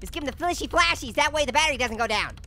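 Squeaky, sharp cartoon orange, very high and bouncy, a punning let's-play host who yelps at scares. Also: male voice, animated, very fast, a little hiss or hum, heavily acted. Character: hyper, wisecracking male talking orange. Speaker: gaming host. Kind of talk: comedic let's-play commentary.

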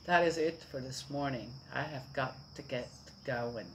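A woman's voice: rumbling low, measured pace, slight background noise, low-quality recording. An older woman chatting casually outdoors to her viewers, rambling on and checking in with her listeners as she goes. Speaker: vlogger. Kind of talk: casual morning chat.

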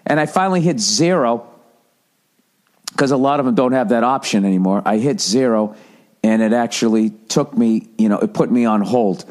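A man's voice: medium pitch, normal speed. A man in his forties from the United States, telling a comic story as a podcast host in a profane, exasperated rant. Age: 40s. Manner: profane, exasperated, mimics voices loudly.

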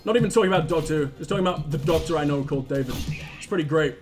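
A man's voice: fairly high pitch, racing. A man streaming a video game, talking through it with profane jokes and rambling asides. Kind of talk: live gameplay commentary. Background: faint game music.

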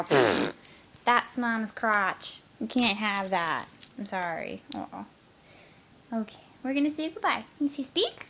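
A woman talking baby talk to her puppy at home, cooing in a sing-song voice and dropping into soft whispers. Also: medium pitch, wildly swooping pitch, measured pace, noisy background. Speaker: pet owner filming her puppy.

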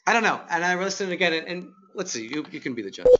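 A man's voice: high voice, expressive, fast, bright, forceful tone, a little hiss or hum. A man teaching a finance class, chatting through his lecture with wry asides. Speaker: finance instructor. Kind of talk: classroom lecture with running commentary. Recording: dull lo-fi classroom recording.

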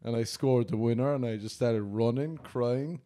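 A man's voice: mid-range voice, steady tone, moderate pace, warm tone. A man from Ireland with an Irish accent, a guest telling anecdotes in casual chat and laughing often. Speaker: guest comedian.

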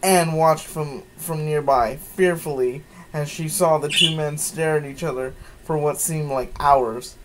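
Male comic reader, slow mocking delivery with incredulous asides, faint hiss behind. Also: on the high side, steady tone, rough recording. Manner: incredulous asides, sighs and laughs. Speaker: comedic fan-fiction reader. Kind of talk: mocking dramatic reading.

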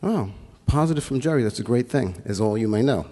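A man giving a relaxed, rambling tribute speech at a memorial, with fillers and restarts. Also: medium pitch, fast. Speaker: memorial speaker. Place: theatre stage. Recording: long hall reverb.

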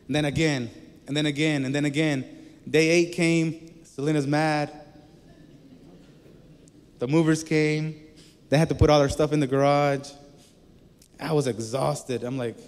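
A man delivers a sermon in a casual, conversational manner, weaving personal stories into scripture. His voice sits a bit high. The sound carries a long reverb from a large hall. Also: steady tone, normal speed, long pauses, darkish tone. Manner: conversational preaching with storytelling. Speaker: preacher.

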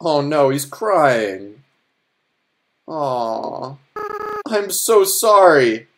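A man hosting a let's play, reacting to the game in excited asides to the viewers. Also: a little high, extremely slow. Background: game soundtrack music.

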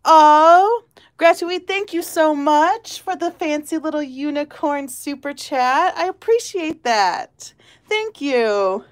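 Giggly woman slowly calling out numbers. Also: high-pitched, expressive, no echo. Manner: giggly, calls out numbers one by one. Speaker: lottery channel host. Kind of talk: casual chat while scratching tickets.

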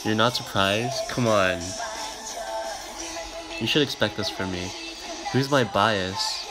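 A young man on a casual live stream reacts to music videos and reads comments aloud in a flat, monotone, low-key voice. He speaks slowly and rambles, leaning heavily on fillers, with pop music playing behind him.

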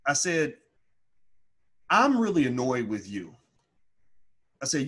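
Husky man telling an emphatic personal story. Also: sing-song, moderate pace, long pauses. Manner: emphatic, rises loud and high when heated. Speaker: financial educator.

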